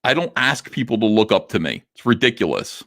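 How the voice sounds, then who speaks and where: A man's voice: mid-range voice, big pitch swings, a little fast, fairly bright tone. A middle-aged man with a New Jersey accent, hosting a livestream and reacting to a video with sarcastic, heated, defensive commentary.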